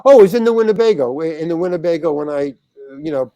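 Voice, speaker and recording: An older man speaks as a podcast guest in a fairly high voice, close to a dry mic with no room sound. He tells a rambling, animated story, padding it with fillers and slipping into other people's voices as he goes. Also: fast, no echo, lo-fi sound.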